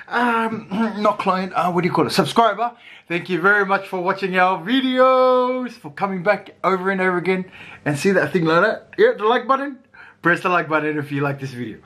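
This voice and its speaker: A man's voice: high voice, expressive, fairly quick, bright, forceful tone. A man chatting casually at home as a family vlogger, eating and laughing between bites. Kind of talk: casual mukbang chat.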